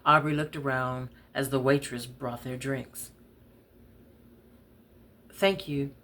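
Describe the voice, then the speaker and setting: Woman storyteller reading her novel aloud, steady and conversational. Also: extremely low pitch, a little slow, a little hiss or hum.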